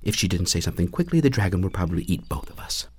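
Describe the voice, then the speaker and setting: A man narrating a fantasy audiobook in the first person, with a wry, lively storytelling manner. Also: low-pitched, racing, husky.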